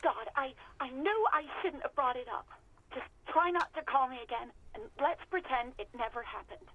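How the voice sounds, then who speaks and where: A worn-out young former hotel clerk, speaking bluntly and with plain exasperation. Her voice sits a little high and comes through dull, lo-fi game audio with a faint hiss behind it. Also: expressive, normal speed. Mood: exasperated.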